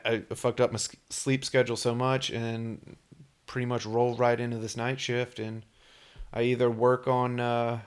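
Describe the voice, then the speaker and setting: Blunt, swearing young podcast host. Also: male voice, mid-range voice, smooth. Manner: blunt, ranting, heavy swearing. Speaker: podcast host and Navy corpsman. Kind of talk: casual profane monologue.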